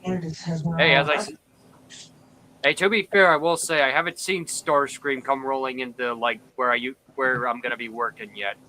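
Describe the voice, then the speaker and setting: A man chatting as a guest on a livestream, halting and hesitant, often restarting, over a video call. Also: mid-range voice, fairly even intonation, bright, forceful tone, poor audio. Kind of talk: casual chat.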